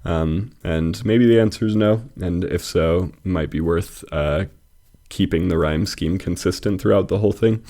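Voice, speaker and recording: Low, mellow-voiced man reviewing poems. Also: normal speed. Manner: thoughtful, hesitant, many fillers and restarts. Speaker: host reviewing fan poetry submissions. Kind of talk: casual critique and poem reading.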